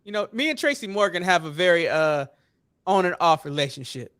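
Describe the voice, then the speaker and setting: A high-voiced American man hosts a casual podcast chat, steering his co-hosts with questions. He is loose and chatty and swears now and then. The recording is dry and close. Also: expressive, a little fast, fairly bright tone, clean tone, dry recording. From United States. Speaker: podcast host.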